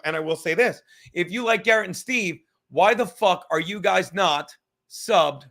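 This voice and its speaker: Guy hosting a stream, talks kinda high, rambles and swears a ton, reads out chat comments. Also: normal speed, pushed and bright. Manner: rambling, profane, reading chat comments aloud. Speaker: podcast host. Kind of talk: casual livestream chat.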